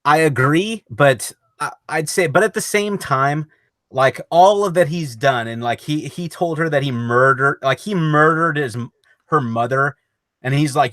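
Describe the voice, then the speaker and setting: Man co-host, slightly higher voice, dry sound, skeptical and argumentative. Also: normal speed, fairly bright tone, no echo. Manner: skeptical, argumentative, swears casually. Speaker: podcast co-host. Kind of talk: casual film discussion.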